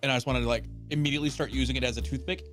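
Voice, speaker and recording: A man's voice: medium pitch, fairly even intonation, very fast, fairly bright tone, faint music behind. A man chatting casually as a player in a tabletop game, hesitant and joking.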